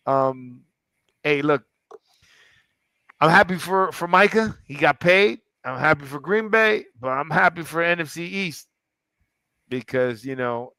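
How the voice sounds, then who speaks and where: A man hosts a casual sports talk show, rambling and animated with plenty of restarts. His voice is somewhat high and very bright. The recording is dry and close. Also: normal speed, smooth, no room sound. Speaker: podcast host. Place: club in downtown Fort Lauderdale.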